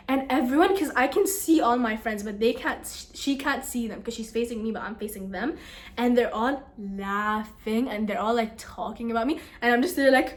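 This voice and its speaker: A young woman vlogger telling a story to the camera in a casual, animated, exasperated way. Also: high voice.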